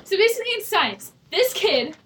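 Very high, bright teen girl storyteller. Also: sing-song, recorded from a distance, slight background noise. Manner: mocking, drawn-out storytelling. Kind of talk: casual chat with friends.

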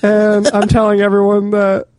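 A man co-hosting a podcast in casual chat, laid-back and quick to laugh. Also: high voice, completely flat delivery, darkish tone, no room sound. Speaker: podcast co-host.

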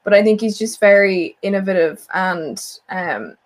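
A woman's voice: mid-range voice, normal speed. Gushing young woman. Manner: enthusiastic, gushing with filler words. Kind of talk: casual group chat.

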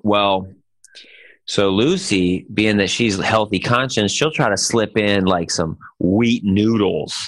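A man with a lowish voice tells a joking story on a podcast, animated and loose, tossing in "dude" every few lines. His voice sounds close and dry on the mic, with no room sound. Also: slow, dry recording. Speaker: podcast co-host. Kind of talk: casual chat.

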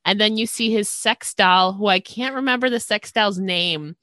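A woman's voice: medium pitch, normal speed, pushed and bright, no room sound, clean studio sound. A woman hosting a podcast, chatting casually and easily with many "like" fillers. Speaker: podcast host.

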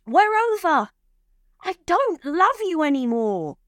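A woman's voice: lowish voice, animated, slow pace, no echo, clean studio sound. A woman voicing a curt, contemptuous young man in a story reading. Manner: curt and dismissive.

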